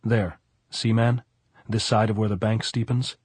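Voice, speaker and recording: A man reading a calm, exacting commander. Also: fairly low pitch, a little slow, breathy edge, no room sound. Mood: directing. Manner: instructive, steady, archaic speech.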